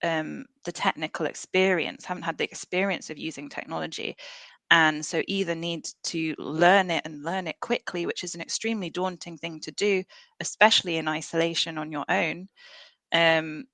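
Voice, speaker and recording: An earnest woman explains her research as a podcast guest, often pausing on "um" and restarting her sentences. Her voice is bright and has a gravelly edge. The sound is dry and close. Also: deep voice, fairly even intonation, dry recording. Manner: earnest, with frequent fillers and restarts. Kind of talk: podcast interview.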